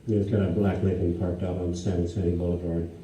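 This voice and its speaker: A man in his sixties from the United States tells anecdotes to a live audience as a guest speaker, acting out the dialogue in animated voices. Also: sits low, a little fast, a little hiss or hum. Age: 60s. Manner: animated, acts out quoted dialogue in raised voices. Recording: echoey hall, distant mic, faint ambience.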